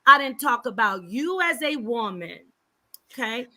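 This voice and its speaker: High bright woman in a heated argument. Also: lively intonation, unhurried. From Phoenix, Arizona area. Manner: confrontational, shouting insults.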